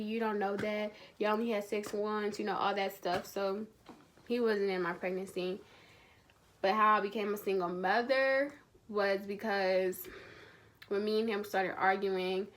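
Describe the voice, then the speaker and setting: Young woman telling a personal story. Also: medium pitch. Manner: casual, reenacts family dialogue in quotes. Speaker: vlogger. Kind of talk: casual storytelling.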